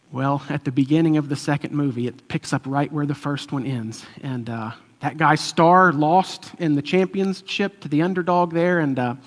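A man preaching a conversational sermon, telling a story loosely with fillers and chuckles. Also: on the high side. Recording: long hall reverb.

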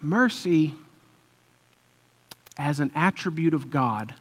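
A man's voice: on the high side, a bit bright. A man preaching a conversational sermon, telling a story loosely with fillers and chuckles. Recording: long hall reverb.

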